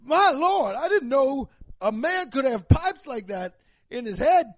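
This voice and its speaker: A man's voice: very high-pitched, big pitch swings, a little slow, no room sound, voice pushed up, exaggerated voice. A man voicing a blustering, pompous male courtroom judge who bellows his rulings in a theatrical, bombastic way. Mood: bellowing, grandiose.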